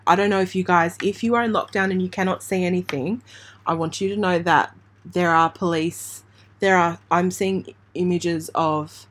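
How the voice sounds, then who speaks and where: A woman from Australia hosting a true crime channel, giving halting, emotional live commentary on breaking news while trying not to cry. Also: on the low side. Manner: halting, emotional, hesitant with restarts. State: near tears.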